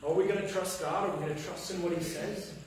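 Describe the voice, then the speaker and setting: Preacher telling a story in an echoey church. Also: male voice, high-pitched, fast, far from the mic, a little hiss or hum. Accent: Midwestern American. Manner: animated storytelling, acting out quotes, dropping to a hush. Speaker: pastor. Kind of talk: sermon with personal story. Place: church sanctuary.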